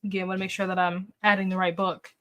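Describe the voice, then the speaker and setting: This booktube livestream host talks fast, with a medium-pitched, fairly bright voice that barely moves in pitch. Chatting casually with viewers, she reacts to comments with bright oohs and okays and thinks out loud through fillers.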